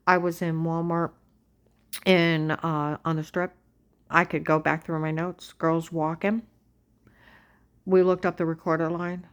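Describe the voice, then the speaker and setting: A woman giving an agitated personal monologue, ranting and swinging between loud outbursts and hushed whispers. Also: fairly low pitch.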